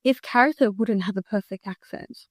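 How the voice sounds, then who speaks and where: A woman's voice: medium pitch, normal speed, dry recording. A woman co-hosting a podcast, reacting to her co-host with incredulous questions and casual chat. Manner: reactive, incredulous, laughing asides. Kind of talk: casual film-review chat.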